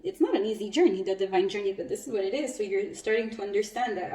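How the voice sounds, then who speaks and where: Woman, tarot reader, casual and chatty, laughs a lot, mellow tone, distant mic. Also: medium pitch, fast, hardly any pauses. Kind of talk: casual spiritual tarot reading. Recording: roomy echo, mic at a distance.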